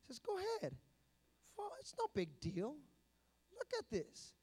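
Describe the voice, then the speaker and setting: A man voicing a sly, coaxing male devil who tempts in a hushed, dismissive way. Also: very high-pitched, huge pitch swings, a little slow, husky, exaggerated voice.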